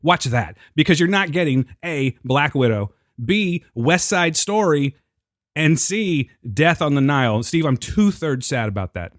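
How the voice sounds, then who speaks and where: A man co-hosting a podcast in casual, joking chat with quick asides. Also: fairly high pitch, very animated, no echo, clean studio sound. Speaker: podcast co-host.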